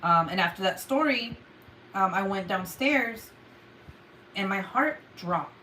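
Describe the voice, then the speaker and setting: A woman's voice: medium pitch, slow pace, a little hiss or hum. A young adult woman telling a story casually to her viewers, swearing freely and acting out her own outbursts. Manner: swears a lot, animated retelling with loud outbursts. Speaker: vlogger.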